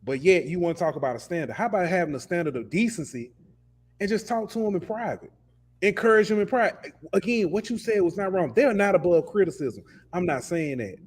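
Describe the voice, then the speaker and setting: Male sports podcast co-host, fired-up rant, slightly higher voice, casual and repetitive. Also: expressive, fairly quick. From lives in Alabama. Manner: passionate, ranting, repeats words.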